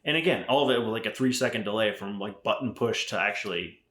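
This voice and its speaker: A low-pitched man tells a long, winding story in a loose, swearing, conversational way. He is a middle-aged guest on a podcast. The room around him rings with a noticeable echo. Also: quick pace, a bit bright. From Arizona, USA. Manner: profane, rambling storyteller with frequent fillers. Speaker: podcast guest, rifle company founder. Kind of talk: casual chat. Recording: roomy echo.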